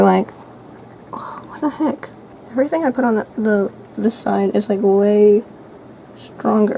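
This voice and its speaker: Chatty teen girl with a mellow voice. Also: medium pitch, vocal fry, a little hiss or hum, poor audio. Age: teens. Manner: rambling, self-narrating, thinking aloud; soft, light voice at times. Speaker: vlogger. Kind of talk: chatty makeup get-ready-with-me vlog.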